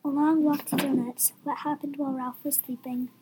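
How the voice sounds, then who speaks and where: High-voiced young woman reader, lively delivery, noisy room. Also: normal speed. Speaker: story reader. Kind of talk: reading a story aloud.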